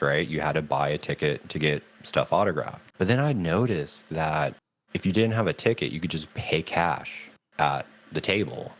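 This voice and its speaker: A man co-hosting a podcast, telling a story in casual chat and acting out other people's lines. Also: extremely low pitch. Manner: animated storytelling, acts out quotes in a raised voice. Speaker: podcast co-host.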